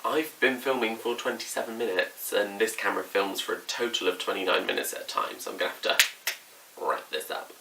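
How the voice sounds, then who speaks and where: Young man vlogging, chatty and expressive, acts out quotes; slightly distant mic with faint noise. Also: lowish voice, a little fast, vocal fry. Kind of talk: casual storytelling to camera.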